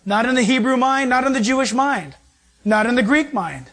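A man preaching a sermon as pastor, animated and acting out quoted voices. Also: very high-pitched, normal speed.

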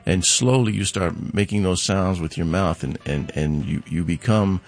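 A man's voice: deep voice, moderate pace. A middle-aged man, a musician guest on a radio show, explaining in an easygoing way with frequent restarts. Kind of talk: relaxed interview talk. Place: radio studio.

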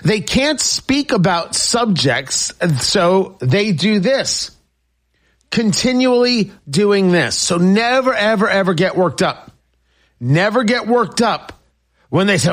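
Male talk radio host, high and lively pitch, emphatic monologue style. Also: unhurried. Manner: emphatic, repetitive, animated.

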